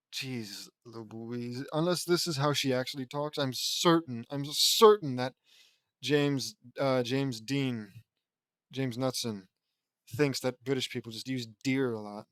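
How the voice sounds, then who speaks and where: A man's voice: mid-range voice, unhurried, a bit bright, dry recording, studio quality. A man reading fan fiction aloud as an audiobook, breaking off into sarcastic, self-mocking asides. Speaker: audiobook reader.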